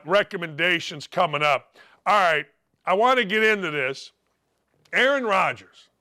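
An older man hosting a sports radio show, ranting bluntly and mockingly, his voice gravelly from days of yelling. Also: sits high. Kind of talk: opinionated sports radio rant.

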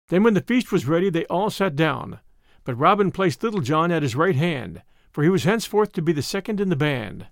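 A man hosting a show reads a classic storybook aloud in a measured, expressive manner. His voice sits fairly high and moves widely in pitch. The recording is close and dry. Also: no echo. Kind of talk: storybook reading.

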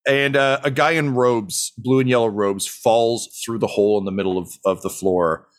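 A man's voice: medium pitch, steady tone, normal speed. A man narrating as game master, in a casual, rambling way full of fillers.

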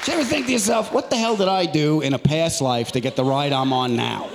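A man performing a loud, animated stand-up comedy set on a theater stage, acting out voices. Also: a little high, quick pace, gravelly, noisy background. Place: large theater stage with audience. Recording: live hall recording with loud crowd.

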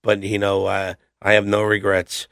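Blunt rambling man, low voice. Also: monotone, moderate pace, gravelly, fairly bright tone, no room sound, clean studio sound. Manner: blunt, rambling anecdotes with acted-out quotes. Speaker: podcast guest, metal singer. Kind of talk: casual storytelling interview.

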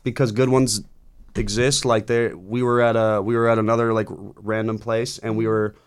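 A man's voice: lowish voice, flat delivery, moderate pace, clean tone. A man in his thirties in casual chat, telling rambling stories with lots of restarts and swearing. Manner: rambling storyteller, swears freely, frequent restarts. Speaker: musician guest.

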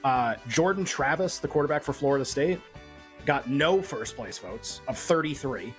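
A man's voice: mid-range voice, animated, faint music behind. A man talking through sports bets in a loose, casual chat, full of fillers and asides. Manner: quick, loose and conversational, lots of fillers. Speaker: sports betting analyst.

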